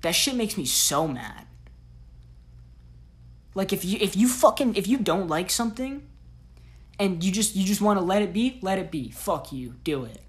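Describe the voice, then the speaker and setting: A woman's voice: medium pitch, sing-song, moderate pace, pauses often. A woman hosting a solo podcast, giving blunt, profane, slang-heavy tough-love talk. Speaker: podcast host.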